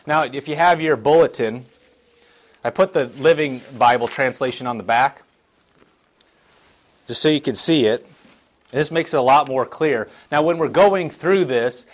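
Man preaching earnestly in church. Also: a little high. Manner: earnest, conversational preaching with frequent restarts and scripture reading. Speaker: pastor. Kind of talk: sermon.

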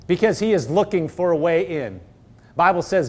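A man preaching a sermon and reading scripture aloud, earnest and emphatic, slowing down to stress key phrases. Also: fairly high pitch, lively intonation. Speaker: pastor.

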